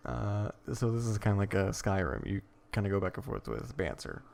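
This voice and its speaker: Gravelly low-voiced man reading a scary story. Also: very animated, brisk. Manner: rambling, stumbles and self-corrects, jokes between lines; reads in a hushed would-be ASMR horror tone. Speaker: reader of an interactive horror story. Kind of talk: casual reading with asides.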